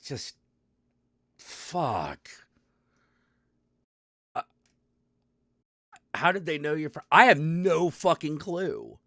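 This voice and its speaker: A man's voice: on the high side, sing-song, very slow, pauses often, a bit bright, no echo, studio quality. A man hosting his own stream, ranting casually and profanely to his chat, rambling and exasperated with lots of restarts. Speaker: stream host.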